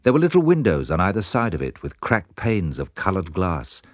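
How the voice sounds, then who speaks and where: A man narrating a children's storybook in an expressive, measured way. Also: low voice, no echo, clean studio sound. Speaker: audiobook narrator.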